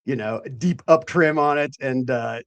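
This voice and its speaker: A man's voice: medium pitch, normal speed. A man hosting a casual late-night chat, profane and rambling. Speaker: host.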